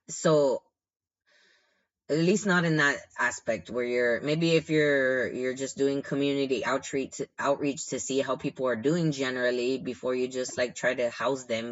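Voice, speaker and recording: A young man talks straight to the camera in a loose, frustrated ramble, circling back on himself and leaning on filler words. His voice sits at an ordinary middle pitch. The sound is a little dull and lo-fi. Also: a bit bright. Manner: frustrated, rambling, many restarts and "you know". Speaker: shelter caseworker. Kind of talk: casual storytime vlog.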